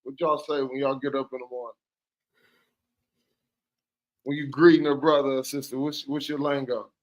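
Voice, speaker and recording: A man's voice: mid-range voice, little pitch movement, quick pace, poor audio. A man calling in as a guest on a livestream, talking in a laid-back, boastful, joking way. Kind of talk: casual livestream banter.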